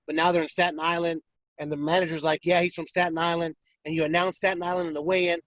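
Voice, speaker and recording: A man's voice: a little high, fast, dry recording. A man who works as a boxing ring announcer, telling stories in a casual interview and acting out other people's voices. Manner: animated storyteller, acts out fighters' voices. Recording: dull, dry lo-fi audio.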